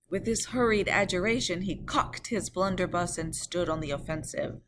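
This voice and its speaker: A woman narrating a classic novel in a measured, expressive storytelling voice. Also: fairly low pitch, slight background noise. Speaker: audiobook narrator.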